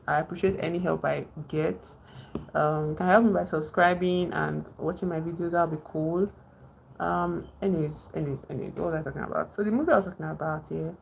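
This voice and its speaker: A woman's voice: fairly low pitch, creaky, slight background noise. A woman hosting a casual livestream, reading and answering chat while rambling and repeating herself. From Nigeria. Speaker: livestream host.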